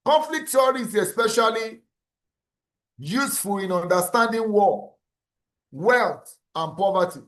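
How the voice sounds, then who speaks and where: This university lecturer is a man whose voice sits rather high for a male speaker, with a slightly bright quality. He moves through ideas one step at a time, repeating key terms and checking whether his students are keeping up.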